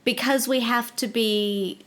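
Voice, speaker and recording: Woman cohosting a podcast at home, kinda high voice, laid back, teases her partner. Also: takes it slowly. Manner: relaxed, teasing, affirming. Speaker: podcast co-host. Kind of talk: casual podcast chat. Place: living room at home.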